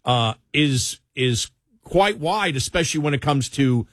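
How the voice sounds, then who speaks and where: A man's voice: medium pitch, lively intonation, measured pace, no echo, clean studio sound. A man with a Buffalo accent co-hosting a radio talk show, chatting easily about politics and reading news items aloud. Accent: Buffalo, New York.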